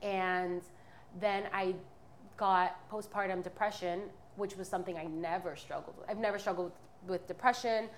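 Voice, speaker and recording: A woman in her twenties gives a candid, rambling personal testimony as a podcast guest, full of fillers and restarts. Her voice is fairly low and steady at a moderate pace, with a little hiss or hum in the background.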